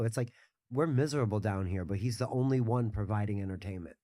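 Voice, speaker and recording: A man's voice: mid-range voice, fairly quick, dark tone, dry recording. A man as a guest in casual podcast chat, telling a gaming story in a rambling way with many restarts.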